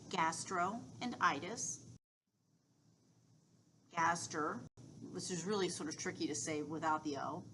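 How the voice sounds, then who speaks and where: A woman's voice: sits low, fairly even intonation, normal speed, a bit bright, a little hiss or hum, low-quality recording. Woman teaching, patient and step by step. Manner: reassuring, explains step by step with fillers. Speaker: instructor. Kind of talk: recorded lecture.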